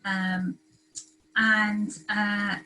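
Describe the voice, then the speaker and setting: A woman's voice: medium pitch, flat delivery, extremely slow, pushed and bright, low-quality recording. A woman giving an academic lecture, hesitant and full of ums and uhs. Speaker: guest lecturer.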